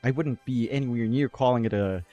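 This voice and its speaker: Male esports caster, from the Philippines, joking and teasing, even mid-range voice, dry close mic. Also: mid-range voice, brisk, no room sound, lo-fi sound, soft background music. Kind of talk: casual chat between casters.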